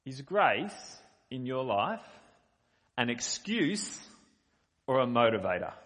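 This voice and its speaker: In a hall with long reverb, a middle-aged male preacher reads scripture and explains it in a conversational way, leaning hard on the quoted lines. His medium-pitched voice is very animated and fairly bright, and he speaks slowly.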